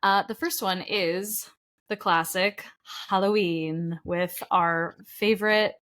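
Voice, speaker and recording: A woman's voice: fairly low pitch, fairly even intonation, slow, a bit bright. Chatty American woman podcast host. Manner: chatty, laughs often, reads lists aloud. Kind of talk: casual chat.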